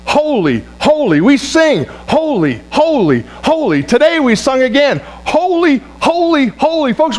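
A man with a notably high voice preaches to his congregation, leaning hard on repeated words and asking for an amen. He stumbles and restarts phrases as he goes. A low electrical hum sits under the recording. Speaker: pastor. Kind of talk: sermon.

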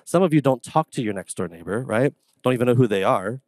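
A man preaching a sermon as pastor, telling casual stories in an animated, conversational way. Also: medium pitch, quick pace, dry recording. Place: church sanctuary.

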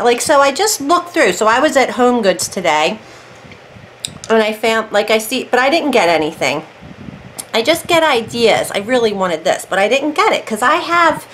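A woman's voice: fairly high pitch, fairly bright tone, slight background noise, rough recording. Chatty woman rambling about crafts. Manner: chatty, rambling, self-interrupting. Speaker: crafting vlogger. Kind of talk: casual chat. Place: warm room at home.

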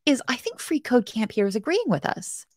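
A woman's voice: fairly high pitch, sing-song, moderate pace, no echo. Woman, live coding tutorial host, chatty, playful, self-mocking, talks to chat viewers, dry close sound. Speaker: web development bootcamp host.

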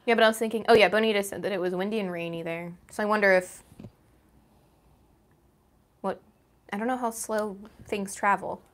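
A woman's voice: medium pitch, steady tone, brisk, pauses often. A young woman co-hosting a live art stream from a home studio, chatting in an easygoing, rambling way. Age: young adult. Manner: easygoing, rambling, many fillers and restarts. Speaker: co-host and chat moderator. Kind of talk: casual chat.

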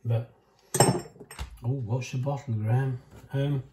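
A man's voice: mid-range voice, steady tone, takes it slowly, heavy background noise. A man chatting casually in his home cooking vlog, talking to himself as he tastes a cake. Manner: chatty, self-talking, talks with mouth full.

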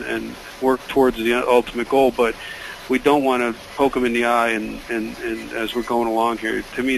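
A man's voice: medium pitch, vocal fry, a little hiss or hum, low-quality recording. A man speaking up as a panelist in a webinar, emphatic and restarting words often. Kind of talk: spoken comment in a webinar.

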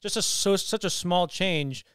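A man with a smooth, slightly high voice who talks fast as a podcast host. The recording is close and dry. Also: fairly bright tone, no echo. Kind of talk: casual podcast chat.

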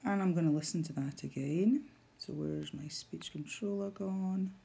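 A woman's voice: lowish voice, normal speed, creaky, warm tone, husky. A woman, a teacher walking learners through a device step by step with patient guidance. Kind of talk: instructional screen demonstration.

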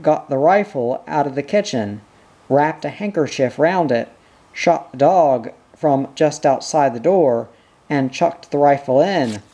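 A slow, husky-voiced reader voicing a broken, guilty father making a weary, shaken confession. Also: medium pitch, expressive, mellow.

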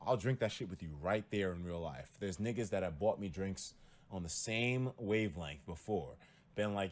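A young man chatting to his stream audience in a loose, casual way. His voice swings widely and lively in pitch as he acts out what people said, often shooting up high and loud, with plenty of swearing along the way. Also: moderate pace. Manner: animated storytelling, acts out quotes with big pitch jumps and cursing. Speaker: livestreamer. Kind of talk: casual stream talk to viewers.

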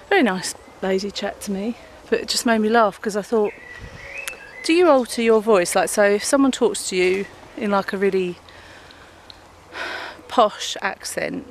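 Woman vlogger, casual and rambling, filmed on a phone outdoors with light background noise. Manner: chatty, rambling, talks to her dog in a high sing-song voice. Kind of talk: casual chat to camera. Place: outdoors walking a dog.

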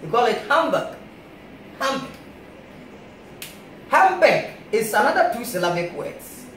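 A man with a Ghanaian accent playing a comic grammar teacher, giving a mock classroom lecture. He explains in a deliberate, drawn-out, teacherly way. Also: extremely high pitch, sing-song, a bit bright. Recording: roomy, distant mic with faint noise.

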